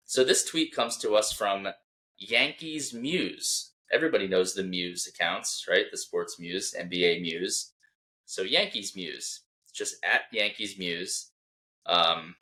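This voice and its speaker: A young man with a deep, sharp voice co-hosts a casual sports podcast as a Philadelphia fan. He teases his co-host and laughs while reading tweets aloud.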